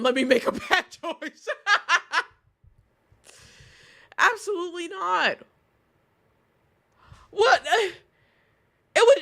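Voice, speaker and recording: Animated high-voiced woman streamer. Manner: animated, outraged ranting with laughs. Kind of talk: casual live-stream chat.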